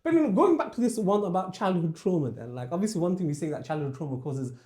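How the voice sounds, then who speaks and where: A man's voice: high voice, animated, quick pace, darkish tone. A man hosting a podcast, asking probing questions with many restarts in casual chat. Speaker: podcast host.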